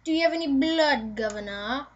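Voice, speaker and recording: A young woman voicing a bumbling male Dracula in a slow, hesitant put-on voice. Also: high voice, expressive, dull audio. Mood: goofy.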